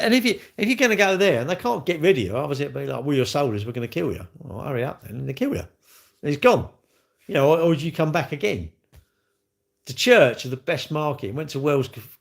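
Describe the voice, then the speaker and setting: A man's voice: medium pitch, creaky. A man chatting casually on a live stream, rambling cheekily and answering comments from chat.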